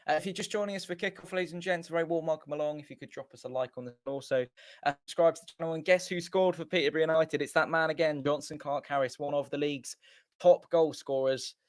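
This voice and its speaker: This watchalong host talks quickly, his higher-leaning voice fairly even in intonation, with no echo in his small home studio. He gives casual, chatty live commentary on the match, rambling and often catching and correcting himself.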